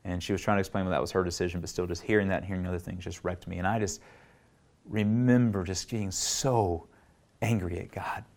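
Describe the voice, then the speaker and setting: A middle-aged man preaching a sermon, earnest, rising to emphatic peaks and then dropping low and soft when he tells his own story. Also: fairly even intonation, a little fast. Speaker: pastor.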